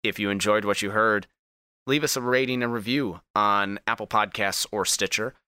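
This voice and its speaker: Bright, crisp-voiced man hosting a podcast. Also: on the low side, steady tone, normal speed, no room sound, clean studio sound. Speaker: podcast host. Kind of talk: podcast outro, casual group chat.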